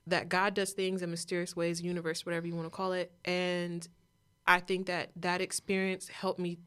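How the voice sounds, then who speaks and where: A woman's voice: on the low side, monotone, normal speed, fairly bright tone, smooth. A young woman as an interview guest, telling her story candidly and animatedly, acting out other people's voices as she goes.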